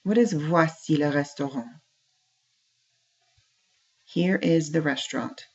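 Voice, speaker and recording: A woman teaches a classroom French lesson, speaking patiently as she says French phrases and then translates them. Her voice is low, slow, and darkish in tone, and the lo-fi recording sounds dull.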